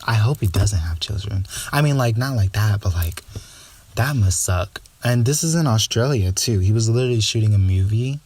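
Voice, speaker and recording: A man's voice: fairly low pitch, lively intonation, normal speed, darkish tone, dry recording. A young man hosting a casual solo podcast, talking in a sassy, gossipy way with lots of filler words. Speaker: podcast host.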